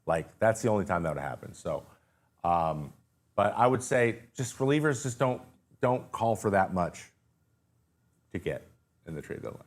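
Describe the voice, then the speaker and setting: A man's voice: on the low side, animated, normal speed, pauses often. A male host answering viewer questions in a loose, jokey, rambling way, sounding tired with his voice wearing out. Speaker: show host. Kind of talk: casual live-stream Q&A.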